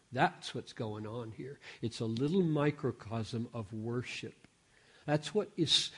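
Older male preacher, animated storyteller, mid-pitched voice. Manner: animated storytelling with self-corrections. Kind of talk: sermon with acted-out story.

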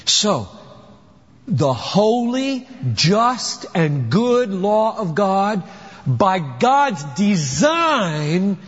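Through a dull, lo-fi recording drenched in long hall reverb, a pastor preaches emphatically, asking rhetorical questions and answering them. His voice is high and breathy-edged, with big pitch swings and drawn-out words.

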